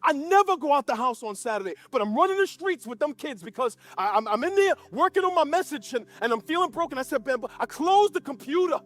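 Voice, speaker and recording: A man's voice: very high-pitched, lively intonation, fast talker, few pauses. A man preaching a sermon as pastor to a church gathering, impassioned, often stammering and restarting mid-sentence.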